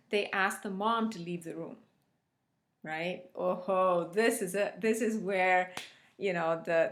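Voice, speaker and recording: A woman giving an explanatory talk on child attachment, telling it as an animated story and often checking in with "right?" and "okay?". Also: medium pitch. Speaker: relationship educator.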